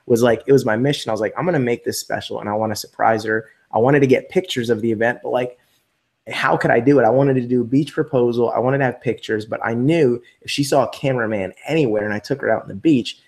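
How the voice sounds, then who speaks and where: This man has a mid-range, creaky voice and a quick pace. He's an interview guest casually telling a story, animated throughout, acting out the voices he quotes and using plenty of fillers.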